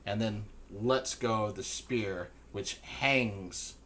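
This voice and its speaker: A man narrating a tabletop game as game master in a slow, measured way. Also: fairly low pitch, a bit bright, a little hiss or hum.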